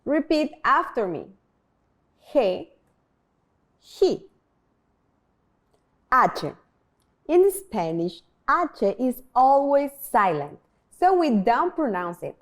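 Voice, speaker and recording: Woman language teacher, higher voice, slow, careful pronunciation, prompts repetition. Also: very animated. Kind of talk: scripted beginner lesson.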